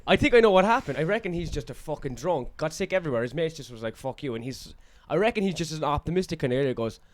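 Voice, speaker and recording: A young man, a stand-up comedian, trading quick jokey banter in a casual podcast chat. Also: a little high, animated. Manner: quick banter, laughs often.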